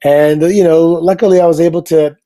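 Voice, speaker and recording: A man's voice: on the high side, brisk. A middle-aged man, a former pro wrestler, telling stories as a guest in a casual interview, acting out the voices of people he quotes. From Canada. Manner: animated, acts out quoted voices.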